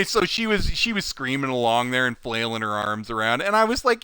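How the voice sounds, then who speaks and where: A man casually telling an anecdote from his job, animated and full of "like", laughing as he goes. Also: mid-range voice, fairly quick, hardly any pauses, clean tone, no echo. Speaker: recycling plant worker telling a story.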